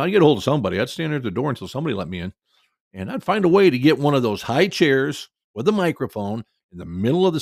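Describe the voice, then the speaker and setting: A man from Iowa, USA, hosts a storytelling show, speaking in a gravelly, mid-range voice with no echo. His casual storytelling is chatty and playful, with self-mocking humor and quoted dialogue.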